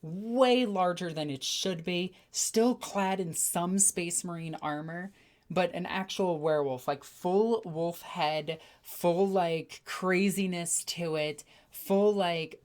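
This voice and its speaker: A woman chatting casually on a livestream, telling stories with animated energy and reading out viewer messages. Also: fairly low pitch, slow pace. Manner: excitable, animated storytelling with acted-out voices. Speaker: streamer.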